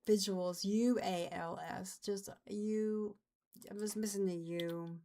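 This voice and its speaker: A woman's voice: mid-range voice, fairly even intonation, takes it slowly, mellow. A woman streamer with a light Southern American accent, chatting casually as she thinks aloud and trails off mid-sentence. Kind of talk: casual live-stream chat while working on a game map.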